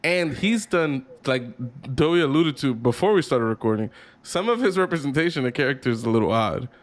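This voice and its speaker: A man's voice: mid-range voice, lively intonation, a little fast. A man co-hosting a podcast in casual chat, swearing freely and often repeating words as he thinks aloud. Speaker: podcast co-host.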